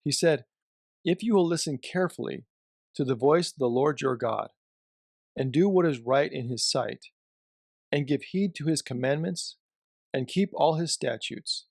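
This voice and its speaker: Measured male Bible teacher, dry sound. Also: mid-range voice, dry recording. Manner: measured, emphatic on key phrases. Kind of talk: scripture reading and devotional teaching.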